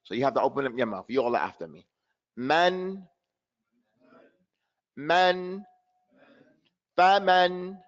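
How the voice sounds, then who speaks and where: This man races through his live online recitation lesson very fast, barely pausing, his medium-pitched voice full of lively intonation. He keeps repeating sounds to drill pronunciation and weaves Arabic terms into what he says, over dull lo-fi audio.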